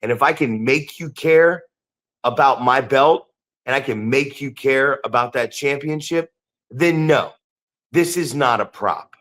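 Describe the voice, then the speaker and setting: A man's voice: medium pitch, a bit bright. A man co-hosting a podcast, ranting heatedly and swearing a lot. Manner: profane, ranting, emphatic. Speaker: podcast co-host. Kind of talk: heated casual podcast talk.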